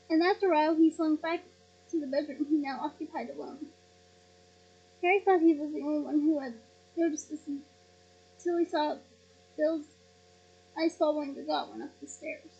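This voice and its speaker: A woman reading a novel aloud in a lively, expressive way, with emotional asides. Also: high voice, dull audio. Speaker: audiobook reader.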